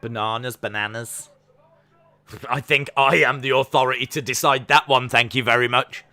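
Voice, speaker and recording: A man's voice: medium pitch, steady tone, moderate pace, bright, forceful tone. A man chatting his way through a live watch-along. He talks in a jokey, rambling way. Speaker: streamer reacting to wrestling.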